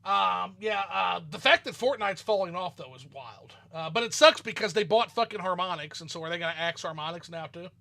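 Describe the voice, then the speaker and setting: A man with a Southern twang mixed with a flat Midwestern accent, chatting loosely and swearing freely as host over an online call. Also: high voice, fairly quick, vocal fry, hardly any pauses. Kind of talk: casual online chat. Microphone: online call mic.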